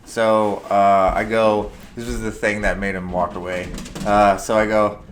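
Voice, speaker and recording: A young man co-hosts a casual talk show, winding through a story about a coworker. He rambles, fills gaps with "like" and "right?", and puts on quick voices for the people in his story. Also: lowish voice, level tone, a little hiss or hum. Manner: rambling, with many fillers and acted-out quotes. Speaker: podcast co-host.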